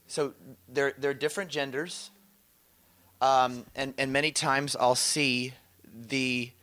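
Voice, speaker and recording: A man's voice: mid-range voice, a bit bright. A man teaching a session, telling stories with enthusiasm and frequent laughter. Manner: enthusiastic storytelling, laughs often.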